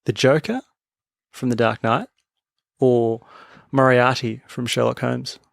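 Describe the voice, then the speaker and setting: A man's voice: mid-range voice, steady tone, slow, creaky, dry recording, studio quality. An Australian man co-hosting a casual podcast, joking around and leading the talk with questions. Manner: jokey, leads with questions, many fillers. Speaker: podcast co-host. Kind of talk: casual chat.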